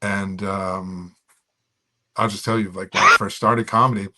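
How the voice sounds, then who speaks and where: A man's voice: low-pitched, steady tone, measured pace, sharp tone. A man about forty from Florida, a stand-up comedian talking casually as a podcast guest in a rambling, filler-heavy way.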